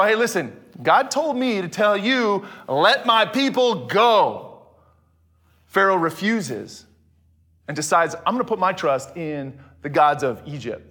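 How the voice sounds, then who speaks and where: A man preaching a sermon, animated, often dropping to a hushed voice for emphasis. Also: sits high. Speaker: pastor.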